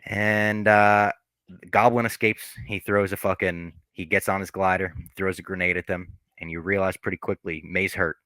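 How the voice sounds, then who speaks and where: A man hosting a podcast, casually recapping a movie scene by scene, animated and profane, acting out the characters' lines. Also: low voice, normal speed, no echo. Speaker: podcast host.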